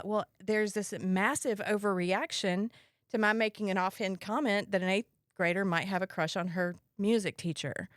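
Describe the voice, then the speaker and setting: A woman's voice: medium pitch, steady tone, normal speed, fairly bright tone, smooth, no room sound. Podcast host lady, wry and candid, dry close mic, mid-range voice. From Mississippi, US. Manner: candid, wry storytelling with laughs. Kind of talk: casual storytelling chat.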